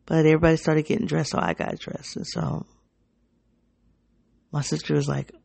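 Gravelly, husky woman musing aloud. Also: low voice, flat delivery, a little mellow, no echo. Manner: introspective, halting, emotionally raw. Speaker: podcast host. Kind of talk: personal spoken reflection.

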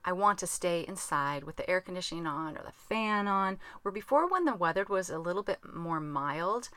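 Podcast host, woman, low-ish bright voice, rambling self-mocking chat, dry closet sound. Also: animated, moderate pace, no echo. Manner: chatty, rambling, laughs at herself. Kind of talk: casual chat. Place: small closet.

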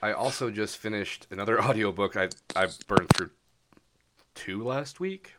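A man's voice: lowish voice, moderate pace, noisy background. A man co-hosting a podcast, rambling through casual political chat with lots of fillers and frequent laughs. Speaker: podcast co-host.

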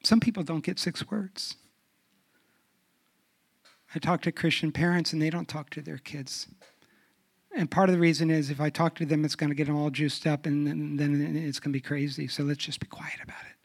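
A middle-aged man preaching a sermon on a church stage, asking rhetorical questions and dropping to a hush for emphasis. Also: on the high side, fairly even intonation, normal speed, gravelly, long pauses, slightly rough. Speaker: guest speaker on sexuality. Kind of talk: sermon with humorous stories.

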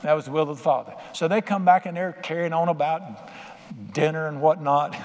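An older male pastor with a high-leaning, darkish voice preaches fairly quickly and in a steady tone. Speaking in a church sanctuary, he's folksy and conversational, acting out quotes in plain voices, with faint ambience in the reverberant hall.

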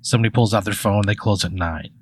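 With a lowish, slightly rough voice and a quick pace, a podcast host narrates a comedic "you" scenario. The talk rambles, swears, and leans hard on "like," and there's no echo.

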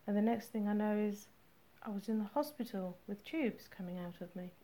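A woman reading the part of a grieving, angry man who is a detective, speaking slowly and bitterly. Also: mid-range voice, mellow, natural voice. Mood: detached. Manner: slow, measured, bitter. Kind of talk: audiobook character reading.

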